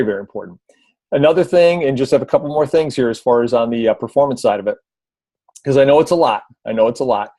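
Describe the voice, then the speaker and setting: Here a man of medium pitch passes along casual video tips to colleagues on a call, restarting often and leaning on filler words. He slips briefly into a loud announcer impression; the sound has no echo.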